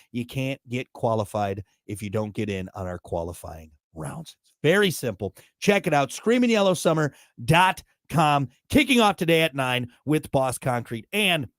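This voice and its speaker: A man's voice: mid-range voice, big pitch swings, normal speed, hardly any pauses, no echo, studio quality. A man in his thirties hosting a morning radio show, chatting casually with a joking, rambling, self-mocking manner. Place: radio studio.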